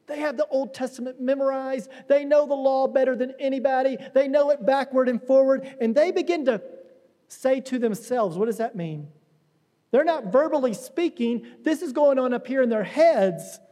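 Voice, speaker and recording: A man's voice: very high voice, normal speed, mellow, long reverb tail. A man preaching a conversational sermon in a church, acting out quotes as he explains a passage. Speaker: pastor. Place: church sanctuary.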